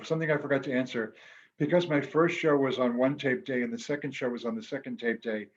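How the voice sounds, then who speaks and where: A man speaks with quiet earnestness, recounting a personal experience to an online club audience. His voice sits at an ordinary middle pitch, and the call audio is a little muffled and dull. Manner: earnest, reflective, occasionally emotional. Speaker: guest speaker, former quiz show champion. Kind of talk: storytelling talk at an online club meeting.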